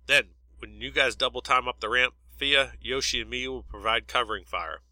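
A man's voice: mid-range voice, moderate pace, sharp tone, dry recording, low-quality recording. A man voicing a tough male squad leader under fire, who gives orders in a raised voice. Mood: commanding.

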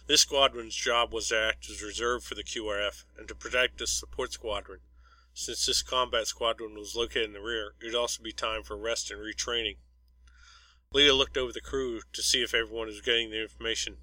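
A man reading a story aloud as narrator, in an even, unhurried storytelling way. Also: on the low side, no room sound, poor audio. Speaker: audiobook narrator. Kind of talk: scripted narration.

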